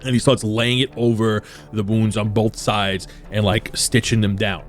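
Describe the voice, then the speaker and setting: A man's voice: fairly low pitch, little pitch movement, normal speed, soft background music. A man narrating a tabletop role-playing game as game master, loose and chatty with frequent fillers.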